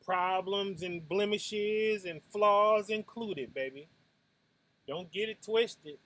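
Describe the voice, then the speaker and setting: Taking it slowly, the man hosting this Sabbath night show preaches in an easygoing, chatty way. He often checks in with "right?", and he shifts from soft and low to sudden loud bursts complete with punch sounds.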